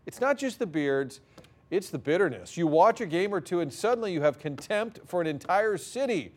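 A sardonic sports commentator with a fairly high voice, the man riffs in mock outrage about the other team. His delivery is wry and punchy, built for a short radio opinion spot. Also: big pitch swings, moderate pace.

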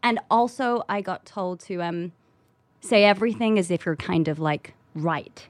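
A woman's voice: fairly low pitch, unhurried, dry recording. A young woman with an English accent, chatting as a guest in a casual interview and often filling with "kind of". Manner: chatty, lots of "kind of" fillers. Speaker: actress, guest.

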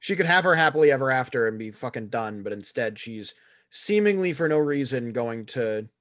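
Podcast co-host: a sarcastic, blunt man, mid-pitched voice, close and dry. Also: expressive, fairly quick, fairly bright tone, no echo. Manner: blunt, sarcastic, swears casually. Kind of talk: casual chat reviewing a series.

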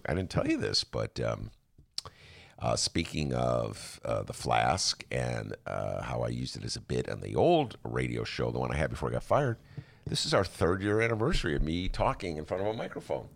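A man's voice: very deep voice, big pitch swings, normal speed, vocal fry. A man hosting a casual political talk show from his attic, rambling and restarting his sentences, often laughing. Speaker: podcast host. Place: home attic.

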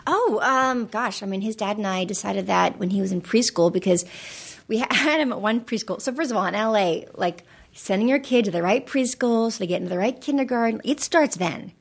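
A woman's voice: mid-range voice, fairly quick, vocal fry. A woman guest on a podcast, an actress and author, chatting casually and acting out the voices in her stories. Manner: animated, acts out voices in anecdotes. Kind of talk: casual storytelling chat.

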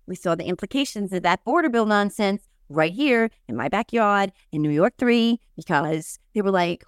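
A woman's voice: medium pitch, animated, moderate pace, few pauses, smooth, dry recording, studio quality. A middle-aged woman hosting a podcast, chatting casually about politics, swearing and acting out quotes in big voices. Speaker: podcast host.

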